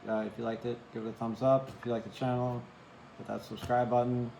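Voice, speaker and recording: A man's voice: medium pitch, little pitch movement, brisk, creaky, dark tone, roomy sound, a little hiss or hum, poor audio. A man giving a casual tarot reading to camera, chatty, often asking "right?" and apologizing for cursing. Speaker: tarot reader.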